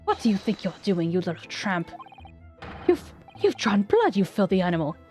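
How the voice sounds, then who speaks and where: A woman's voice: on the low side, a little fast, faint music behind, natural voice. Woman doing a furious sneering Englishman. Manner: shouting insults.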